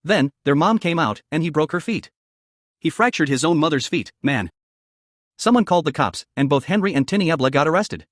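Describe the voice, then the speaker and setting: A man's voice: fairly high pitch, lively intonation, brisk, dry recording, studio quality. A man narrating a personal story in a casual, conversational way, dropping "man" and swear words.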